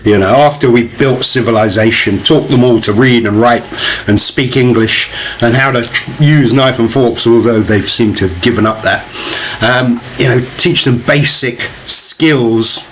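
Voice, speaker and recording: A man's voice: mid-range voice, a little slow, a little hiss or hum. A man giving ranting, profane commentary as he reacts to video clips, with mocking laughs.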